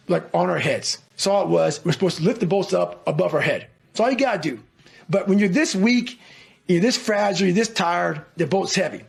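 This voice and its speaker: A middle-aged man with a fairly high, gravelly, husky voice tells a story in an interview. He talks with blunt, profane intensity and a lot of drive. The delivery is a casual podcast conversation, not a speech. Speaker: podcast guest telling a story.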